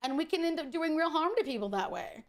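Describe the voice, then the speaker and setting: A woman streamer with a high voice chats casually while she plays a game. She is blunt, profane and opinionated, and she speaks her mind. Nothing she says is held back. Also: lively intonation, fast. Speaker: VTuber streamer. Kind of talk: casual chat while gaming.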